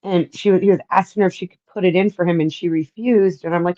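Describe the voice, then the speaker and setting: A woman in casual chat telling an indignant, unhurried story. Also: on the low side, steady tone, dark tone. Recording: dull, lo-fi sound.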